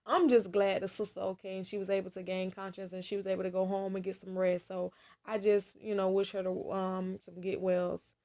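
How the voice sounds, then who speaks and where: A woman's voice: medium pitch, darkish tone. A woman vlogger chatting casually about celebrity gossip, talking straight to her viewers and laughing often.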